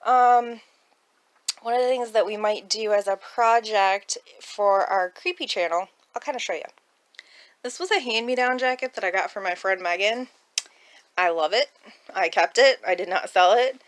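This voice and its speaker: At home indoors, a thrift reseller vlogger chats casually about her thrift haul in a medium-pitched voice at a moderate pace. She rambles and laughs often.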